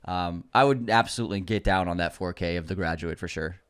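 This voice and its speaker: Man briskly running through movie news. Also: sits low, a bit bright, smooth. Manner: brisk news rundown with casual asides. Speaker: podcast co-host. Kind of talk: reading out movie news items.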